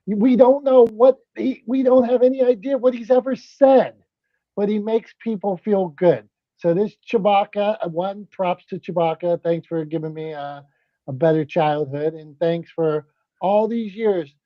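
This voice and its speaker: A man with a higher voice and a regional American accent hosts a loose, joking group chat, excitable and quick to restart his lines. His voice comes through dry but a little dull and lo-fi, as over a video call. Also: no echo. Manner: playful, excitable, lots of restarts. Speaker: host. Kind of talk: casual podcast banter. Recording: slightly dull lo-fi sound.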